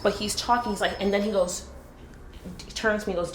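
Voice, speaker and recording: A woman from Jamaica telling a painful personal story in an earnest, halting way, with many restarts. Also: mid-range voice, steady tone, a little hiss or hum. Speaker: business owner telling her story. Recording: roomy echo.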